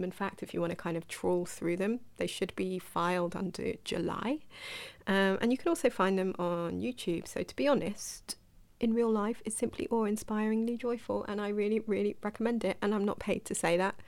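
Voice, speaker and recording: A woman's voice: mid-range voice, gravelly, darkish tone. A woman hosting a solo podcast, talking in a chatty, digressive way and asking the listener questions. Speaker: podcast host. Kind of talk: reflective solo podcast talk.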